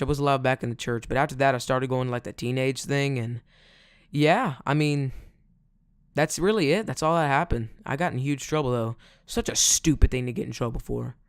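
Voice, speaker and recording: A man's voice: on the high side, clean tone, no echo, clean studio sound. A man telling a casual storytime in a rambling way, full of fillers. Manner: rambling, filler-heavy, "like" every few words. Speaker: vlogger.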